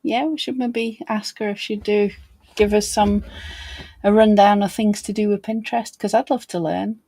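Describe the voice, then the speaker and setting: A relaxed woman co-hosting a livestream, chatting easily and laughing along. The sound is dry and close, with no room in it. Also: medium pitch, normal speed, slightly rough, no room sound. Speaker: co-host. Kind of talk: casual livestream chat.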